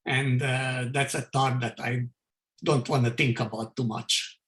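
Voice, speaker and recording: An older man from Hungary giving his survivor testimony, speaking haltingly with many fillers and restarts. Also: mid-range voice, fairly even intonation, a bit bright. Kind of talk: testimony in a video call talk. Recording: roomy echo.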